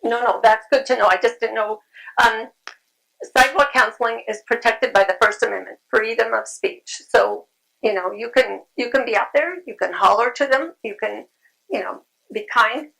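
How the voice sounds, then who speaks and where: A woman's voice: fairly high pitch, moderate pace, creaky, bright, forceful tone, poor audio. A woman giving a conversational talk at a convention, repeating phrases and saying um often. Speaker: convention speaker. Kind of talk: conference talk. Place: convention room.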